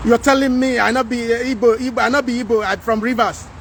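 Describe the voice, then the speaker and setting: A man with a Nigerian accent hosting a livestream, talking to viewers and reading their comments in an animated, pleading way. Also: very high voice, quick pace, a little hiss or hum. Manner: animated, pleading, mixes in Pidgin. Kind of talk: casual livestream talk.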